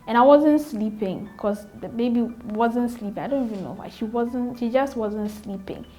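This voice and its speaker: A young adult woman with a Ghanaian accent speaks in a warm, somewhat high voice at a moderate pace. As an interview guest and new mother, she tells her own story candidly and earnestly, repeating phrases and acting out exchanges she remembers.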